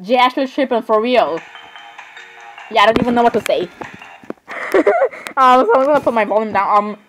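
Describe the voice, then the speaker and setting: A woman's voice: on the high side, fast, soft background music, rough recording. Chatty young woman narrating her gameplay. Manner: chatty, excitable, keeps saying "I'm sorry" and "literally". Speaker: gamer. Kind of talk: casual gameplay commentary.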